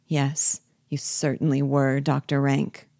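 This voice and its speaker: A woman's voice: very deep voice, little pitch movement, slow pace, gravelly, warm tone, no room sound, clean studio sound, full character voice. Nora read by a woman, nervous young wife. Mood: playful.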